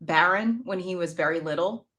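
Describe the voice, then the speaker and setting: A woman's voice: lowish voice, normal speed, fairly bright tone. A woman co-hosting a podcast, speaking outspokenly and with indignation in casual political chat. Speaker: podcast co-host.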